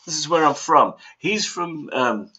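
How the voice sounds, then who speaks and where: A man's voice: fairly high pitch, lively intonation, measured pace, pushed and bright, breathy edge. A man from Africa, hosting a casual livestream from home, rambling and chuckling with theatrical flourishes. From southern Africa. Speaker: livestream host.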